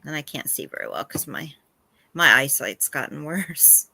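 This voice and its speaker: A woman's voice: deep voice, sing-song, moderate pace, creaky, bright, forceful tone, breathy edge, dry recording. A woman, a guest speaking openly and chattily as a parent in a casual conversation. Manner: chatty and open, talks as a parent. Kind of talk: casual chat.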